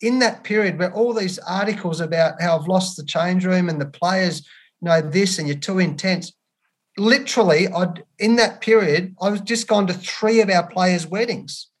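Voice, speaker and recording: A middle-aged man with an Australian accent speaks earnestly, his voice sitting on the higher side for a man. He circles back over his words and drops a friendly "mate" into his answers. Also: moderate pace. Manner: earnest, repeats words, says "mate" often. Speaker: cricket head coach, guest. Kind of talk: candid interview answers.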